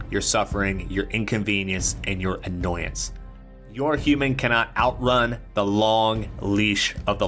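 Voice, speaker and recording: A man voicing a male cat lawyer in a pushy ad pitch. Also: sharp tone.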